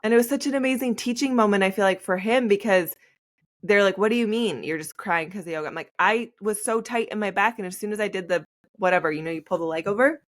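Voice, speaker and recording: A woman in her thirties hosting a podcast, telling stories in a chatty, animated way and acting out the quotes. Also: medium pitch, fast talker. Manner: animated storyteller, acts out quotes. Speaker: podcast host. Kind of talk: conversational podcast interview.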